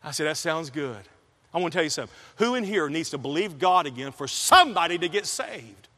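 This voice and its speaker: A man preaching a sermon in a chapel, telling a story with animated, fervent emphasis. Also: on the high side, fairly quick. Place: college chapel. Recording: long reverb of a large hall.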